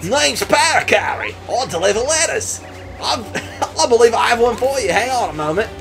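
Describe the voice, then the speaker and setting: A man's voice: very high voice, very animated, normal speed, gravelly, fairly bright tone, pitched above the performer's own voice, exaggerated voice. A man voicing a cheery male winged turtle mail carrier in a put-on Australian accent, with game music behind. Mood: chipper.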